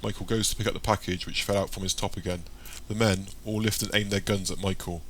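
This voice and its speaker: A man narrating an audiobook in a plain, steady reading voice. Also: fairly low pitch, fast talker.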